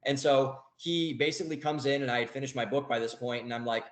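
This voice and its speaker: A man's voice: medium pitch, quick pace, echoey room, low-quality recording. A young man telling a story as a podcast guest, rambling, with many fillers and restarts. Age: young adult. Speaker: guest author. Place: home office.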